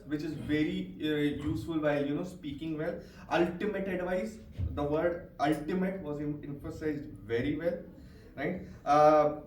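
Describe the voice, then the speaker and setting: A man's voice: a little high, slight background noise. A man giving encouraging feedback to a speaking club and leading a speech drill, with frequent "right?" tags. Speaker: language evaluator at a speaking club. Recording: echoey room, distant mic.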